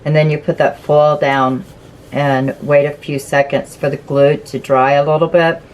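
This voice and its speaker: A woman's voice: sits low, little pitch movement, normal speed, a little mellow, lo-fi sound. A woman hosting a casual craft flip-through, chatty and gushing as she explains each step. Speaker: craft channel host.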